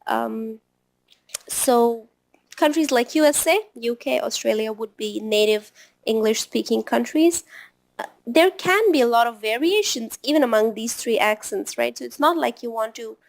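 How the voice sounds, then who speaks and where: A woman with a fairly high voice gives a relaxed, conversational lesson on exam preparation. She talks like a friendly tutor and keeps checking in with a quick tag question after her points. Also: gravelly. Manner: chatty, often ends points with a tag question. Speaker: test-prep tutor. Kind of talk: informal online lesson.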